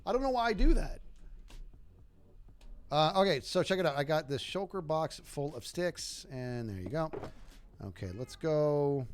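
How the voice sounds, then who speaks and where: A man's voice: a little high, a little slow, pauses often, a little hiss or hum. A man streaming a video game live, joking and talking to himself as he plays. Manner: animated, joking, talks to himself while playing. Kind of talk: live gaming commentary.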